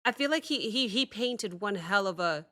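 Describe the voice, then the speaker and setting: A woman hosting a music reaction video, talking casually and excitably, often apologizing and thinking out loud. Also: mid-range voice, moderate pace.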